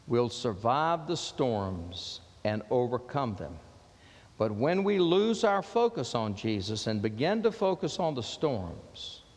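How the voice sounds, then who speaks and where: A man preaching a sermon as pastor, with impassioned delivery that drops low and soft when he quotes the words of Jesus. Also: long reverb tail.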